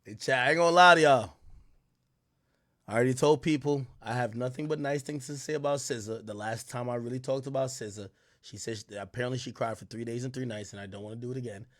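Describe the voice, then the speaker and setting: A man's voice: medium pitch, quick pace, a bit bright, no echo, studio quality. A man chatting casually on his livestream, tipsy, rambling and profane, laughing often and mimicking other people.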